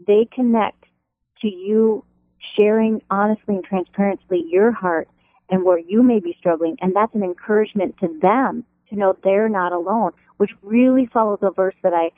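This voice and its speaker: A woman's voice: normal speed, no room sound. A middle-aged American woman, a radio devotional writer, chatting animatedly as an interview guest from her home over the phone. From American Upper Midwest. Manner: animated, laughs easily, pitch leaps when excited. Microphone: telephone. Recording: tinny phone line.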